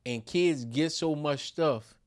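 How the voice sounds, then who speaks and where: Emphatic New man, higher voice. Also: slow pace. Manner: storytelling, emphatic, Southern vernacular. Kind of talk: casual conversation.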